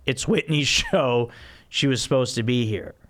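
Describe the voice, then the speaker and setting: A man's voice: medium pitch, animated, measured pace, a bit bright. A man hosting a podcast, telling stories in a rambling way with lots of restarts. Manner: rambling storyteller with many restarts and laughs. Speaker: podcast host. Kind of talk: casual podcast chat.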